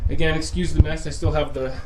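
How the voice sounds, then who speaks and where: The host of a casual home theater channel talks fast to his "guys," teasing what's next, captured by a camera mic in his home theater room. His slightly high voice is a little mellow with little pitch movement, and some faint background noise is audible.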